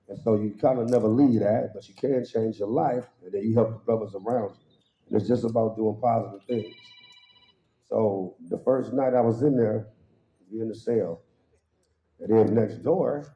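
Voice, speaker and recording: Brief: man, very mellow dark tone, animated comic storyteller at a church service, roomy hall sound. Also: muffled recording. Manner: animated, acts out quoted voices with sudden high pitch jumps; laughs through his own punchlines. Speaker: guest speaker at a worship service. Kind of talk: humorous storytelling testimony.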